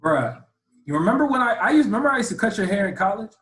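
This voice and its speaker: A man's voice: sits high, sing-song, quick pace, fairly bright tone. A man co-hosting a podcast in casual chat, teasing his friend in playful banter. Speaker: podcast co-host. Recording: echoey room.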